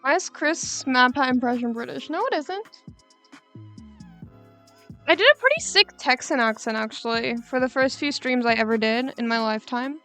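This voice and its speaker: A woman's voice: high-pitched, normal speed, bright, forceful tone, soft background music. A woman livestreamer chatting casually while drawing, rambling onto tangents and joking.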